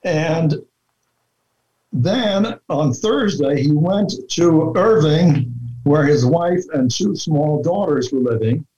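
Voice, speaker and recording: A man talking through his research in a relaxed interview, deliberate and full of fillers and restarts. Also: a little high. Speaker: researcher guest. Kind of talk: conversational interview talk. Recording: dull lo-fi sound.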